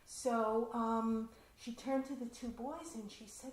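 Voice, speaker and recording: A woman's voice: on the high side, takes it slowly, few pauses, slight background noise. Woman telling a family story in a hall. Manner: conversational, animated, laughs often. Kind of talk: personal storytelling. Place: community center hall. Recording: roomy hall echo, faint ambience.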